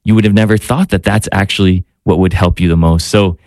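A man's voice: deep voice, fairly even intonation, brisk, a little mellow, dry recording, clean studio sound. A man who is a priest and radio guest, speaking reflectively and searching for words with frequent restarts. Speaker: priest and spiritual director guest. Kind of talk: radio talk show conversation.

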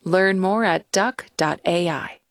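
A woman reading sponsor messages for public radio in a smooth, even voice. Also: fairly low pitch, takes it slowly, dry recording, clean studio sound. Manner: smooth, even announcer delivery. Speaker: underwriting announcer. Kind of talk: scripted sponsor reads.

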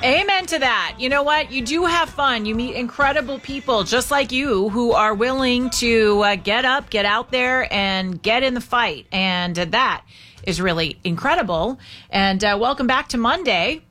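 A woman hosts a morning talk radio show in an upbeat, chatty way. Her voice is bright and forward, and she keeps the talk rolling with easy fillers. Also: on the high side, normal speed. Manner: upbeat, chatty, laughs easily.

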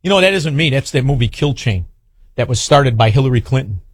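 A man's voice: medium pitch, animated, fairly quick, breathy edge, dry recording, clean studio sound. A man hosting a radio talk show, ranting sarcastically and hurling insults at his opponents. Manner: sarcastic, mocking, hurls insults. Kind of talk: combative talk radio rant.

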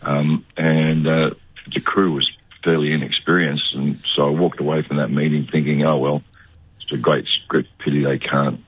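An older Australian actor, a man, telling stories in a relaxed, laconic way during a radio interview. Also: extremely low pitch, normal speed, husky, dry recording, narrow, tinny audio. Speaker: actor guest.

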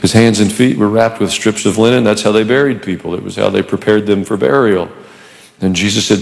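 Gravelly-voiced pastor preaching in a hall. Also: male voice, lowish voice, fairly quick. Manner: animated, conversational preaching with humor. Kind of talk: sermon. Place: church.

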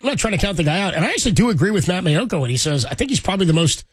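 Husky-voiced male podcast host. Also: high-pitched, very animated, very fast, dry recording. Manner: rambling, laughs often. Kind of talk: casual sports chat.

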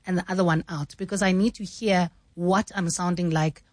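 A woman from South Africa who works as a news anchor, explaining her craft in a measured, emphatic way. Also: fairly low pitch, fairly even intonation, no echo, clean studio sound. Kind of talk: studio conversation about newsreading.

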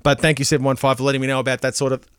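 A man's voice: medium pitch, flat delivery, very fast, a bit bright, a little hiss or hum. A man hosting a community radio show in a chatty, rambling, playful way. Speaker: radio host. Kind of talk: casual radio chat.

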